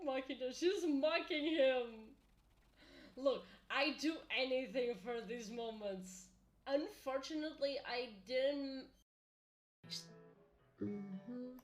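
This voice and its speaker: A young woman, streaming a game and chatting to viewers in an excitable, swearing, laughing way. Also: sits high, slow, long pauses. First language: Portuguese. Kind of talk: live game streaming chat.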